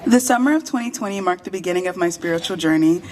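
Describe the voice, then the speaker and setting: A teenage girl with a lowish voice delivers her graduation speech with earnest conviction, speaking into a podium microphone. Her voice is a touch shaky from the cold. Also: lively intonation, fast talker, darkish tone, slight background noise, poor audio. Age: late teens. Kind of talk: prepared speech read aloud. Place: school awards dinner.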